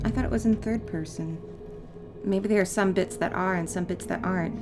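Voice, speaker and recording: A woman's voice: fairly low pitch, fairly quick, over music. A woman chatting casually as she plays a video game, rambling into side tangents and apologizing for them. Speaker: let's play gamer. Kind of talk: casual gameplay commentary.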